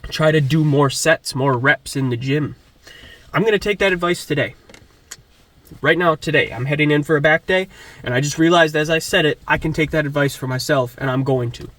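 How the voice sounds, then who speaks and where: A man's voice: a little high, normal speed, fairly bright tone. Earnest swearing man giving a pep talk. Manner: earnest, swearing, repeats for emphasis. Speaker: fitness vlogger. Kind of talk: motivational monologue.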